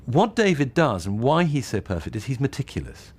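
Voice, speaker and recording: A man's voice: mid-range voice, very animated, fairly quick. A man, a film director, explaining his choices eagerly and fluently in a behind-the-scenes interview, with some fillers.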